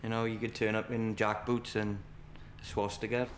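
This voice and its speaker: A man's voice: lowish voice, level tone, normal speed. A man reminiscing in an interview with a wry, dry humor. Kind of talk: casual reminiscing. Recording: echoey room, slight noise.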